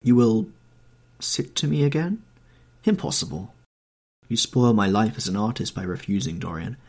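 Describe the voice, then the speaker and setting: An earnest, wistful painter, as a male narrator plays him, pleading with feeling. His low voice is gravelly and husky, and it rises and falls a lot. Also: lively intonation, moderate pace, darkish tone. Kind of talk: audiobook character reading.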